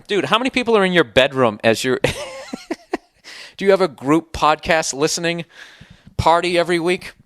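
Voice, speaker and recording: A man's voice: on the high side, fairly bright tone, no room sound. Sarcastic ranting American man, dry sound. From United States. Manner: sarcastic, profane, exasperated ranting. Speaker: podcast host. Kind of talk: comedic podcast rant.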